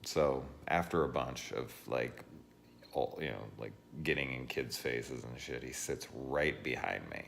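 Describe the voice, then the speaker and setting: A man telling profane, animated stories in a casual vlog rant, laughing as he goes. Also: extremely low pitch, unhurried, gravelly, a little hiss or hum. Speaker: horror movie reviewer.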